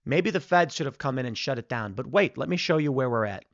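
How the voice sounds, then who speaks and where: A man's voice: medium pitch, animated, quick pace, no echo, dull audio. A middle-aged man from Chicago with a Chicago accent, hosting a political commentary show and telling rambling stories. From United States. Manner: rambling storytelling, acts out quotes.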